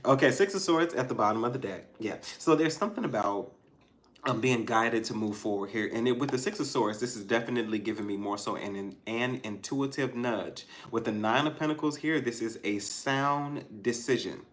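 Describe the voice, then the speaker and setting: A man's voice: mid-range voice, brisk. A man giving a casual tarot reading to his viewers, thinking aloud, restarting his sentences and talking straight to them. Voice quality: musing, stops and restarts, soft laughs. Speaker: tarot reader.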